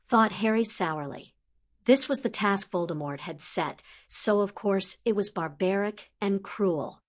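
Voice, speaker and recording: A woman narrating a fantasy fanfiction audiobook in an even, measured reading voice. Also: medium pitch.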